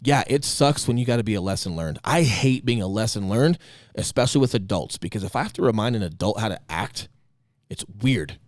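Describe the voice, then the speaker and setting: A man co-hosting a casual podcast chat, talking with emphatic passion and swinging between loud bursts and quiet asides. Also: lowish voice, expressive, brisk, no room sound, studio quality. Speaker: podcast co-host.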